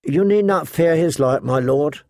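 A man reading as a young woman in a fantasy story who speaks in a soft whisper. The voice keeps a gravelly edge and a close, dry sound. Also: fairly high pitch, unhurried, no echo. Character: young female camp girl, soft and whispery.

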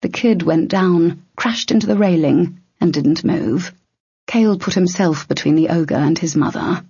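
Woman narrating a story, steady, husky, dull lo-fi dry sound. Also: on the low side, unhurried, no echo. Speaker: audiobook narrator. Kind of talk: scripted narration. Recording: dull lo-fi audio.

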